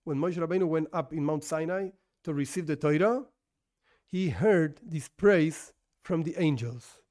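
With a slightly high, slightly slow and somewhat mellow voice, a non-native English speaker gives a conversational Torah lesson. He revises his wording mid-stream and answers the questions he raises himself.

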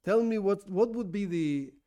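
Speaking animatedly at a normal speed, a man whose voice sits high and mellow leads a casual Torah lesson in his second language. He keeps correcting himself and asks questions only to answer them.

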